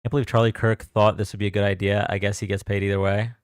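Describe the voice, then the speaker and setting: A man's voice: on the low side, little pitch movement, fast, smooth, no echo, studio quality. A young man hosting a live stream from home, chatting casually and greeting viewers by name in a loose, joking way. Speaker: livestream host.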